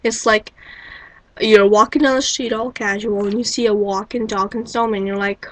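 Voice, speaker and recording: A woman's voice: medium pitch, steady tone, normal speed, no echo, rough recording. A woman rambling into her webcam mic at home, wry and incredulous, firing off rhetorical questions. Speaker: vlogger. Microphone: built-in webcam mic.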